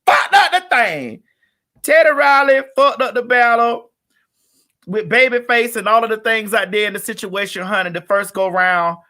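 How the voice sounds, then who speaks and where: A host with a flamboyant, sassy manner, hyping up guests on a live-streamed comedic talk show over a video call. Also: female voice, a little high, fairly even intonation, moderate pace, sharp tone. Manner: flamboyant, sassy, hype introductions.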